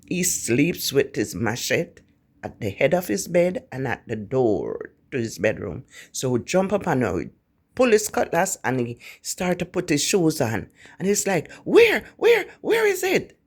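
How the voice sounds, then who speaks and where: A man with a Jamaican accent telling a ghost story in a casual, animated way, often repeating words. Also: mid-range voice, measured pace, breathy edge.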